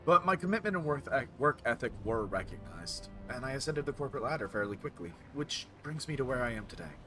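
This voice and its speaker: A man's voice: mid-range voice, very animated, quick pace, music in the background, lightly acted. Man putting on a nervous German executive woman. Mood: composed. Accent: put-on German. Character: nervous middle-aged woman corporate executive.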